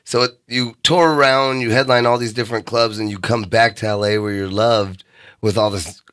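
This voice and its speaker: A man's voice: on the low side, fairly even intonation, moderate pace, fairly bright tone. A man who is a stand-up comedian, chatting as a guest in a laid-back way, laughing often and swearing. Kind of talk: casual chat.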